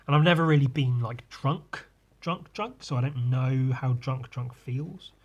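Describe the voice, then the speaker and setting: A man's voice: mid-range voice, steady tone, moderate pace, husky, dull audio. A man hosting a solo podcast, tipsy from drinking and rambling loosely, often trailing off and restarting. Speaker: podcast host. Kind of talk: rambling casual monologue.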